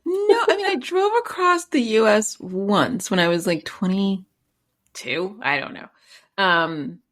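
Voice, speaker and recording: A chatty woman hosts a podcast conversation. She laughs often and drops quick asides as she talks, with her voice sitting at a middle pitch. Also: animated, fairly bright tone. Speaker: podcast host. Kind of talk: casual conversation.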